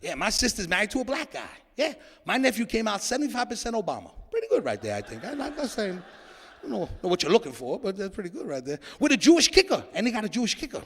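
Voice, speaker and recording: A man's voice: sits high, sing-song, quick pace, fairly bright tone, slightly rough. A man performing a stand-up comedy set, joking and riffing with an audience in a church hall.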